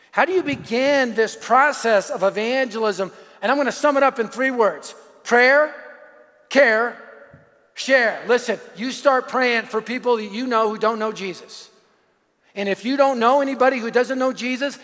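High-voiced preacher in a reverberant hall. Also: male voice. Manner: energetic storytelling preacher, swinging from shouts to hushed asides. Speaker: pastor. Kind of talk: sermon.

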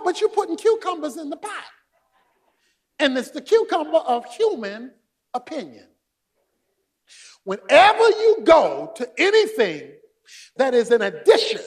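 A man preaching a sermon, shouting for emphasis and joking with his congregation. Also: extremely high pitch. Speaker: pastor.

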